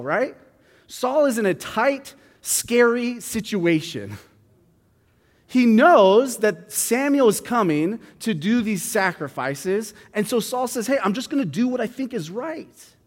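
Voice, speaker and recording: Guy with a pretty high voice explaining a bible story, casual, lots of "like" and restarts, echoey hall. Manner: conversational, thinks aloud with fillers and restarts. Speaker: Bible teacher. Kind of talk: reading scripture then explaining it casually. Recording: long hall reverb.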